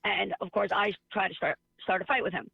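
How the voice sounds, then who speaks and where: A woman's voice: medium pitch, fairly quick, vocal fry, slightly rough, dry recording. A woman who works as a teacher, chatting casually and telling stories with sarcasm, acting out the voices of the people in them. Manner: sarcastic, animated storyteller acting out dialogue. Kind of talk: casual chat. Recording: tinny phone-like line.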